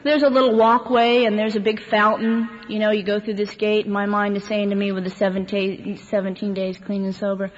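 A woman's voice: mid-range voice, level tone, fairly quick, few pauses. Woman giving a candid, laugh-filled recovery share in a roomy hall, muffled recording with faint background hiss. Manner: candid storyteller, laughs through the telling. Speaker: speaker sharing a recovery story. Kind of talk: personal testimony to a recovery meeting. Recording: echoey hall, dull lo-fi sound, faint background noise.

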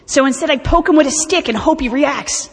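A woman's voice: sits high, fairly quick. A middle-aged woman speaking candidly and animatedly about her own recovery, with self-mocking humor. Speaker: speaker sharing recovery experience. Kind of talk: personal talk at a recovery meeting. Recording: long hall reverb.

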